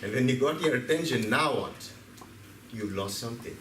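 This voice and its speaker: A man's voice: mid-range voice, animated, moderate pace, a bit bright, slight background noise. A man from India, giving a playful, story-driven health lecture and asking the audience questions. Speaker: health speaker. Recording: roomy hall, distant mic, faint background.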